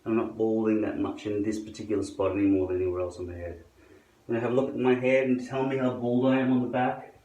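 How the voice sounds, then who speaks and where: A man's voice: fairly low pitch, level tone, quick pace, warm tone, distant mic, muffled recording. A man demonstrating how he applies a hairpiece, talking to his viewers in a sardonic, grumbling way and swearing often. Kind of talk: casual how-to monologue to camera. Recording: echoey room.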